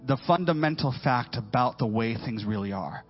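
A man in his forties preaches in a church, dropping to a near hush and then climbing loud as he tells his stories with playful, slangy asides. The sound is dull and lo-fi, with faint music underneath. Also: mid-range voice, moderate pace. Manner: animated storytelling, swinging from hushed to loud. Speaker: pastor. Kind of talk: sermon.

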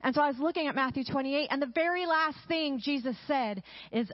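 A woman preaching a sermon, enthusiastic and often checking in with a quick "right?". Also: sits high, dry recording, lo-fi sound.

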